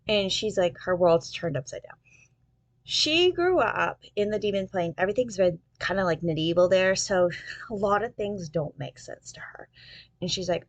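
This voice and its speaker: A book reviewer gives a casual, rambling recap of a romance novel's plot, peppering it with fillers like "um" and "basically." She speaks in an animated, mid-range voice at a moderate pace, and there's no echo.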